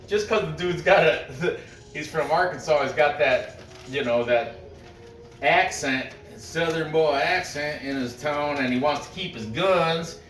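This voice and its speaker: A man's voice: fairly high pitch, a bit bright, echoey room, far from the mic. A man hosting a casual podcast who rambles through fight picks, joking and laughing often. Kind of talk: casual chat.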